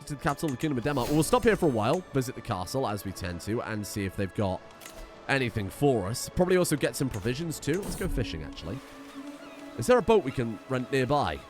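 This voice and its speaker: Male gaming host, animated chatty commentary, faint game music behind. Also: mid-range voice, brisk. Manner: chatty, thinking aloud, reads game text.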